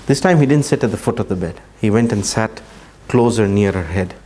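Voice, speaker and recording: A man giving a religious talk, telling a story earnestly and slowing down for emphasis. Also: fairly low pitch, animated, darkish tone. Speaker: Islamic speaker.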